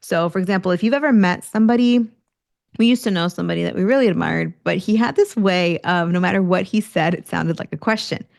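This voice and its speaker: Energetic woman podcast coach, dry mic. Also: on the low side, quick pace, vocal fry, no room sound. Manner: energetic, demonstrates tone shifts, occasional laughs. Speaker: career coach podcast host. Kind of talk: solo podcast teaching.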